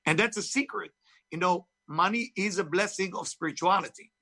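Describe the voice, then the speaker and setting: A man's voice: high-pitched, fairly quick, sharp tone. A man with a heavy foreign accent, an author and spiritual teacher speaking emphatically in an interview. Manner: emphatic, preachy, non-native phrasing. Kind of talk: interview talk.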